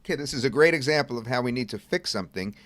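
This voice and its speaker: A middle-aged man presenting a software demo in a casual webinar, chatting and thinking aloud as he clicks through at a computer. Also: medium pitch, lively intonation, racing, dry recording, clean studio sound. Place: at a computer desk.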